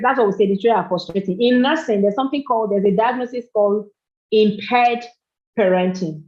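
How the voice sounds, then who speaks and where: A woman's voice: medium pitch, darkish tone. A middle-aged woman speaking at a parenting summit, earnest and repeating phrases for emphasis. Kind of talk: motivational talk. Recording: dull lo-fi recording.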